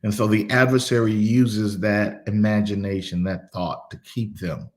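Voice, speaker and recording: A middle-aged man, a pastor, telling a personal story in an unhurried devotional way, often repeating his words. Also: on the low side, level tone, darkish tone.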